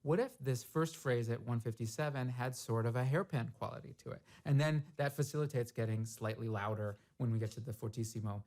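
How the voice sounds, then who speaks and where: A man of middle pitch teaches snare drum in a practice studio. He explains each step in a thoughtful way and sings the rhythms out loud between demonstrations. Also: a little fast, few pauses. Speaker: percussion teacher. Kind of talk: instructional demonstration.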